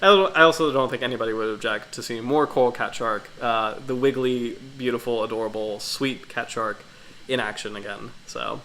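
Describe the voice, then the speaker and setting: Bright-voiced, congested man rambling enthusiastically. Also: medium pitch, normal speed, slight background noise, low-quality recording. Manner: rambling, enthusiastic, many fillers and restarts. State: congested, sniffly. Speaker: livestream host. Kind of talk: casual livestream chat.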